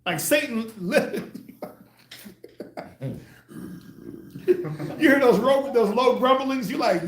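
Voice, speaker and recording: Animated high-voiced male street preacher. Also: slow pace, long pauses, roomy sound, background noise. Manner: animated, acts out quoted voices with loud bursts. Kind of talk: street sermon teaching.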